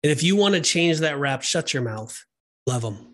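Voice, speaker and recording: A man co-hosting a faith podcast, talking in an earnest, emphatic, animated way. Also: on the high side, moderate pace. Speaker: podcast co-host. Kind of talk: casual faith discussion.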